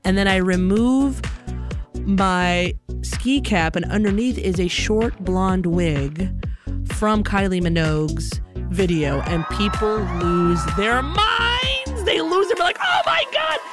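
A young adult woman telling a comic personal story in an animated way, acting out the people in it. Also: medium pitch, slow pace, music in the background. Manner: animated, acts out other people's voices.

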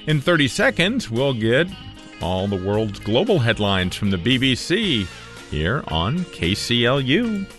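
A man in his fifties hosting local morning radio, announcing in a relaxed, conversational way. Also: mid-range voice, a little slow, soft background music. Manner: relaxed, conversational, self-correcting.

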